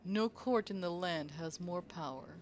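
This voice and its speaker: A woman playing a game and commenting casually, with giggly, animated reactions and game music behind. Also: lowish voice, unhurried, background noise. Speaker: let's play streamer.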